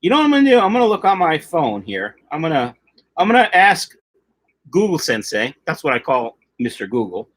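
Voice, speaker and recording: A middle-aged man hosts a loose, chatty fish-keeping livestream, reading viewer comments for laughs and drifting off topic. He speaks fairly quickly in a fairly high, sing-song, fairly bright voice.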